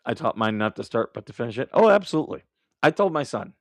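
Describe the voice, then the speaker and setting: Male streamer host, blunt and foul-mouthed, mid pitch, dry close sound. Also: big pitch swings, fast talker, dry recording. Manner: blunt, profane and combative; laughs at his own remarks. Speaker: livestream host. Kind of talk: casual live commentary.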